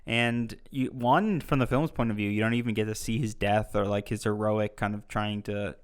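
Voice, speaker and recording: A man's voice: lowish voice, steady tone, normal speed, clear, resonant tone. A young adult man, a podcast co-host, giving loose, casual opinions on a film with frequent filler words.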